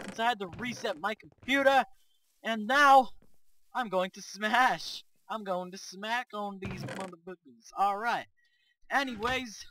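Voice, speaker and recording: A man hosting Minecraft gameplay commentary on a cheap microphone, excitable and boastful, trash-talking as he plays. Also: sits high, slight background noise. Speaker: gaming channel host.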